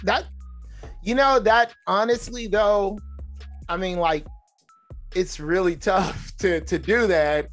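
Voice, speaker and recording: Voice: medium pitch, takes it slowly, long pauses, soft background music. A podcast host from the United States who keeps agreeing with the guest and then adds thoughts of their own, often chiming in with short remarks. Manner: affirming, lots of agreeing interjections. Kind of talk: podcast interview chat.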